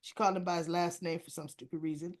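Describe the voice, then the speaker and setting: A woman giving a chatty, casual recap of a TV soap episode, often clearing her throat. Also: lowish voice, fairly even intonation, fast. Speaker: soap opera reviewer.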